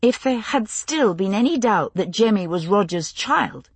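Husky-voiced woman narrating an audiobook. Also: medium pitch, expressive, unhurried, no room sound. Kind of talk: scripted narration.

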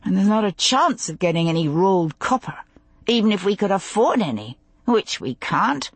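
A woman voicing a curious, practical young wife with a quick, animated way of talking. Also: mid-range voice, breathy edge, no echo. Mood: frustrated.

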